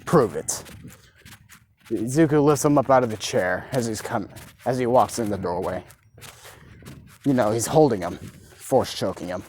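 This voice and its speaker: A man's voice: mid-range voice, moderate pace, long pauses, darkish tone. A man narrating an improvised fan story in a casual, rambling way, with lots of fillers and swearing. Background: dogs barking.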